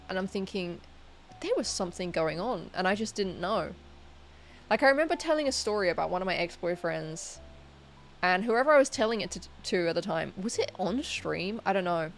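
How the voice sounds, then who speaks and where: A woman streaming and chatting casually with her viewers. She rambles and hesitates, with lots of fillers and restarts. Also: mid-range voice. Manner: talks to chat viewers. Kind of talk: casual livestream chat.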